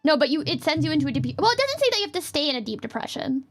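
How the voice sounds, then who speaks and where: A young adult woman streaming as a VTuber, chatting casually and playfully with her chat in quick jokey asides. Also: high voice, very animated.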